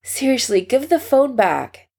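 A woman's voice: sits high, sing-song, a little slow, vocal fry, dark tone, husky, voice pushed up, exaggerated voice. A woman reading the lines of a cheerful, frank young man talking on the phone.

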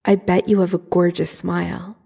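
A woman's voice: lowish voice, little pitch movement, normal speed, gravelly, dark tone, breathy edge. A woman voicing a young male soldier writing an earnest, yearning love letter, in a fan fiction audiobook reading. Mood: tender.

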